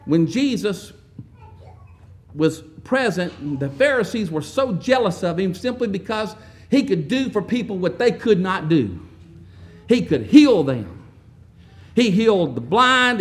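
A man preaching a sermon, telling the story with wry asides and often clearing his throat. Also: sits high.

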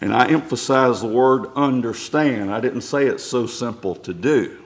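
A man's voice: medium pitch, moderate pace. A middle-aged male pastor preaching a sermon, reading scripture aloud and building to emphatic points.

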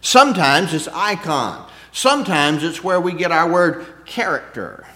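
A man preaches a little slowly with lively intonation, his voice on the high side. He speaks conversationally, asking rhetorical questions and swinging from loud points to quiet asides.

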